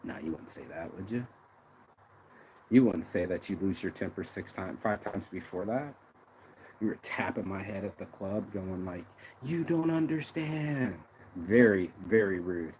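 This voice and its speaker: A man with a fairly low voice fires off blunt, sarcastic remarks while reacting to a clip. He swears freely and talks with plain street bluntness. A faint hum sits behind him. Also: normal speed, darkish tone, low-quality recording.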